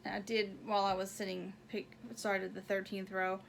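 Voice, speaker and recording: A woman's voice: medium pitch, flat delivery, normal speed, gravelly, a little hiss or hum. A woman hosting a knitting video podcast, chatting casually and rambling as she shows off her projects and counts squares aloud. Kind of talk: casual show-and-tell chat.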